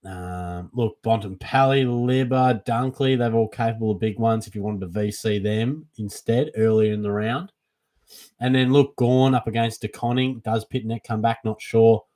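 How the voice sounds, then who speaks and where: Young Australian man, relaxed, mate-heavy chat, casual live Q&A. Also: lowish voice, moderate pace. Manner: laid-back and chatty, calls everyone mate. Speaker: fantasy football livestream host.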